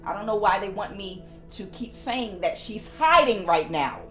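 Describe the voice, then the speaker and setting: Woman tarot reader, lilting and animated delivery, hammers points by repeating herself. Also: medium pitch, normal speed, soft background music. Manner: repeats phrases emphatically. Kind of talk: casual spiritual reading.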